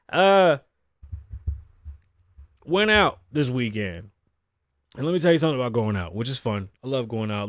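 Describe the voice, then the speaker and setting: A man's voice: mid-range voice, clear, resonant tone, no echo, studio quality. A man in his thirties hosting a podcast, talking casually in a rambling, profane way and laughing often. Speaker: podcast host. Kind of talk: casual chat. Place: home studio desk.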